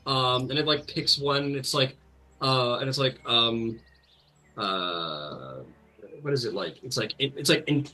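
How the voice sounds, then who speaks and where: A man's voice: mid-range voice, measured pace, bright, forceful tone, poor audio. A man narrating as game master, rambling with many fillers and restarts.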